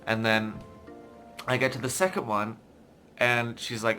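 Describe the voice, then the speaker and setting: A young man vlogging a casual story in an animated, exasperated, self-mocking way. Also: medium pitch, normal speed, faint music behind. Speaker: YouTuber.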